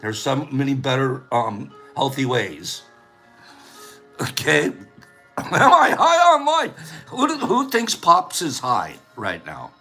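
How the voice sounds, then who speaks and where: A man's voice: medium pitch, bright, forceful tone. A man hosting a casual livestream, playful and laughing often as he reads viewer comments aloud. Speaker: livestream host. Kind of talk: casual chat.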